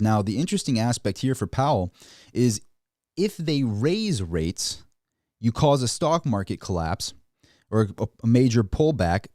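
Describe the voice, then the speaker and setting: A man giving casual stock market commentary, animated and mocking officials in high put-on voices. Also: no echo, clean studio sound. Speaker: finance commentator.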